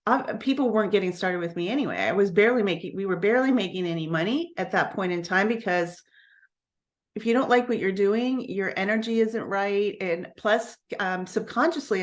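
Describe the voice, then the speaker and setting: Woman coach with a middle-pitched voice, sharing a personal story on a live stream; candid and earnest, often restarting her sentences. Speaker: network marketing coach.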